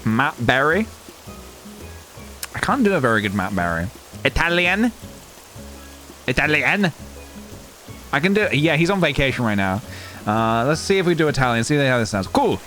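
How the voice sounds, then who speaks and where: Animated, chatty male streamer. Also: medium pitch, fairly quick. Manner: animated, giggly, chatting to viewers. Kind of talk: casual live-stream chat while gaming. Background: game music.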